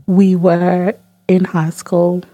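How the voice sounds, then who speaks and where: A woman's voice: lowish voice, little pitch movement, extremely slow, mellow, no echo, highs cut off. A young woman co-hosting a podcast, cracking teasing quips and giggling. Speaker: podcast co-host. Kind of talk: casual podcast banter.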